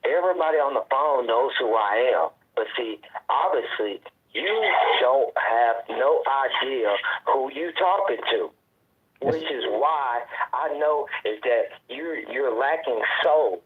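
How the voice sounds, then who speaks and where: A husky man argues insistently on a group phone call, circling back to the same points and talking over the other caller. His voice arrives through a narrow, tinny telephone line. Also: medium pitch. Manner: insistent, repeats himself, cuts in with "wait a minute". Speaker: conference call moderator.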